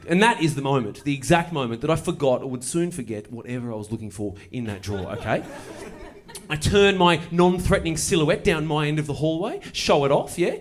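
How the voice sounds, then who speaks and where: Male stand-up, slightly high voice, deadpan storyteller who spikes into excitement. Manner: dry, deadpan delivery that builds to excited bursts. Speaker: stand-up comedian. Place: comedy venue on stage. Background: audience laughter.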